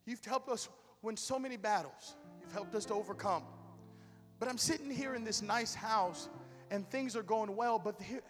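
A man's voice: high-pitched, moderate pace, long reverb tail, music in the background. A man preaching a sermon with humor, telling stories animatedly to his church. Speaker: pastor. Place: church hall with music.

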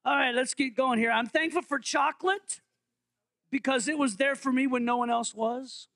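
Guy pastor with a really high gravelly voice, joking around, quizzing the church. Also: fairly even intonation, moderate pace, bright, forceful tone, dry recording. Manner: playful, jokey, quizzes the congregation. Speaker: interim pastor. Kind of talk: interactive holiday sermon.

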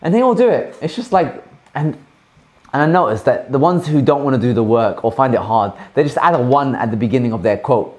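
A man hosts a live stream in a loose, chatty way. He tells long stories animatedly and often restarts his sentences mid-thought. His voice sits at an ordinary middle pitch for a man. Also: a little fast. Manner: rambling, animated storytelling with frequent restarts. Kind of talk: casual chat.

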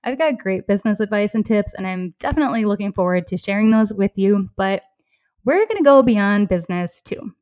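A woman in her thirties with a Minnesota accent talks through her solo podcast in a friendly, upbeat way, with small laughs between phrases. Her voice sits at an ordinary middle pitch and sounds close and dry, with no room around it. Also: lively intonation, fairly quick, a little mellow, no echo. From southeastern Minnesota, US. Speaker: podcast host.

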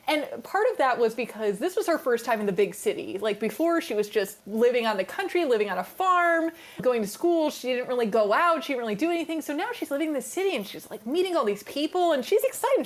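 A young woman co-hosting a podcast, telling a family story in casual chat, animated and laughing, with the odd swear. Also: fairly high pitch. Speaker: podcast co-host.

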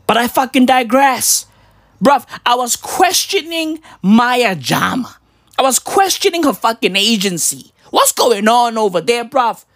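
A man's voice: very high voice, a bit bright, dry recording, studio quality. A man in his thirties delivering a profane, slangy comedic rant, constantly asking "right?". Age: 30s.

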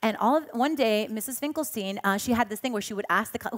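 Woman pastor, a bit high-pitched, animated and self-mocking, sermon with stories. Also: rapid-fire, few pauses. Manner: animated, acts out voices in her story, laughs at herself. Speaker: preacher. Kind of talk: sermon with personal storytelling.

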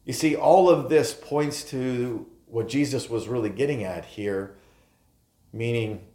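A male pastor delivers a sermon in an earnest voice of middle pitch. He presses hard on key phrases, then lets his lines sink quietly. The sound carries the echo of a roomy church. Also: a little slow.

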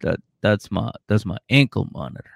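A man's voice: lowish voice, expressive, normal speed, gravelly, no echo, clean studio sound, heavily acted. A man voicing a sheepish, evasive young man from a reality show, in a comedy retelling. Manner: evasive, awkward.

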